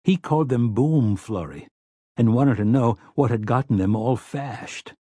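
A man narrating an audiobook in a steady, measured storytelling manner. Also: medium pitch, husky, dry recording, clean studio sound. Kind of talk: scripted narration.

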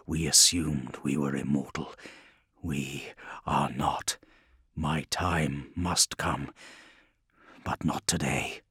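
A man's voice: very deep voice, fairly even intonation, takes it slowly, pauses often, pushed and bright, husky, dry recording, pitched below the performer's own voice, exaggerated voice. Guy doing a grim old warlord commander, heavy and serious, dry sound. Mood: grim brooding. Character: stern battle-weary male warlord commander.

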